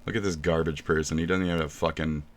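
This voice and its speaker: Low-voiced man ranting crudely. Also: steady tone, rapid-fire. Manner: crude ranting, mocking and swearing. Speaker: streamer. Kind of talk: casual profane reaction stream.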